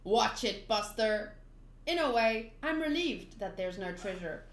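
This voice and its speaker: A woman voicing a grumpy, lonely middle-aged man who guards a forest, with a gruff manner. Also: on the high side, animated, measured pace, a little hiss or hum. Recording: roomy echo.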